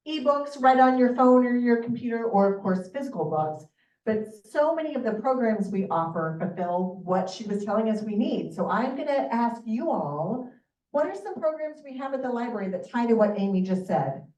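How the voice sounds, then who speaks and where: A woman's voice: fairly high pitch, mellow. A woman presenting library programs to a community audience, upbeat and asking the room questions. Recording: echoey room from far off, dull.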